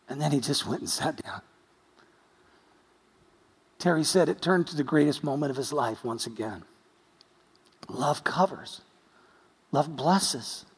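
A man's voice: on the high side, lively intonation, normal speed, pauses often, breathy edge, long reverb tail. A man preaching a sermon as pastor, telling stories earnestly with touches of light humor.

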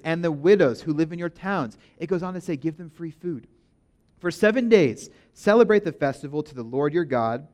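Casting: young male pastor, bit higher voice, energetic and chatty sermon delivery with playful asides.

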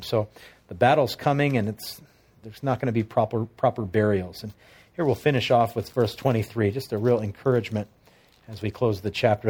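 Pastor, male, mid-pitch voice, conversational sermon with humor between scripture readings. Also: fairly quick, darkish tone, husky. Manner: expository Bible teaching with humorous asides; reads scripture aloud, then explains it conversationally.

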